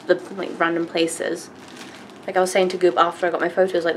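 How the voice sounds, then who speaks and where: A woman's voice: on the low side, a little hiss or hum, rough recording. A young woman, telling a story casually to camera with lots of fillers and the odd swear. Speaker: vlogger.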